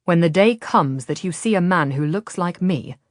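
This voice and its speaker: A woman voicing a quiet, coaxing Ottoman nobleman. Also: fairly low pitch, animated, moderate pace, dry recording, clean studio sound, natural voice. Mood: coaxing, ominous. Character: smooth persuasive Ottoman nobleman, adult man.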